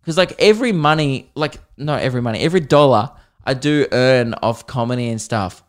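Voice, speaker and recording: A man's voice: mid-range voice, brisk. A man with an Australian accent hosting a comedy show, telling rambling, profane stories and often cutting himself off mid-sentence. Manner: self-interrupting, excitable. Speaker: comedian host. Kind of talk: casual comedic monologue.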